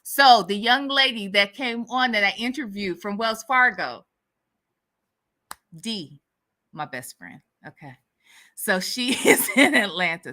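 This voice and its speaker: A woman from the US Midwest with a light Southern accent, hosting a casual livestream chat with viewers in a sassy, animated way and laughing often. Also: medium pitch, a little slow. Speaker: livestream host.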